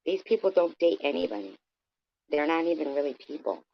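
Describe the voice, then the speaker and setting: A man's voice: on the high side, lively intonation, fairly quick, vocal fry. A man ranting in a scornful, profane, rambling way, as a vlogger talking casually to his viewers. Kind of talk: casual rant. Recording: dull, dry lo-fi recording.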